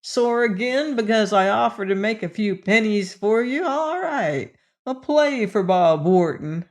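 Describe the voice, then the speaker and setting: Woman reading a cocky slangy young guy, slow and easy, audiobook. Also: mid-range voice, expressive, darkish tone, pitched above the performer's own voice. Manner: cocky, slangy street talk. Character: brash slangy young man on the make. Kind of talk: audiobook character voice.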